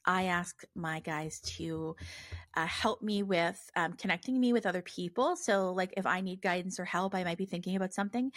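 A woman's voice: fairly low pitch, fairly bright tone, no echo, studio quality. A woman hosting her own podcast, talking casually on her own with lots of fillers and restarts. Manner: conversational, many fillers and restarts. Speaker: podcast host. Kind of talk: casual solo podcast monologue.

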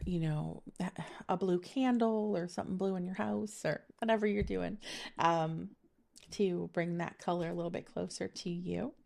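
Middle-aged woman, low voice, chatty spiritual reader, rambling with fillers. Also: vocal fry, a little mellow. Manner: chatty and meandering, many fillers, laughs easily. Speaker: spiritual reader giving a monthly energy reading. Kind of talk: casual intuitive reading.

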